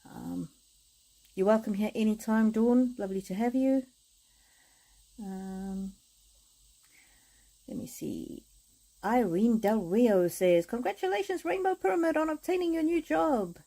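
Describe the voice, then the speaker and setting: Mellow-voiced woman reading for live viewers. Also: fairly high pitch, lively intonation, a little slow, pauses often, low-quality recording. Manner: gentle, repetitive affirmations; frequent hesitations and restarts. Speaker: oracle card reader on a live stream. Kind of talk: live-stream chat with viewers.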